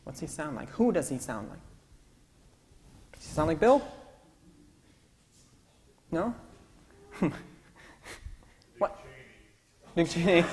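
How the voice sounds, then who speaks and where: A man's voice: a little high, sing-song, slow, pauses often. A male pastor giving an interactive sermon, conversational and coaxing the congregation to call out answers. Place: church sanctuary. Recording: long church-hall reverb, faint ambience.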